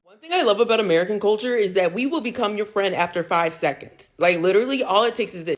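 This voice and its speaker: A woman's voice: medium pitch, very animated, fairly quick. A woman in a casual vlog, playfully acting out both sides of conversations.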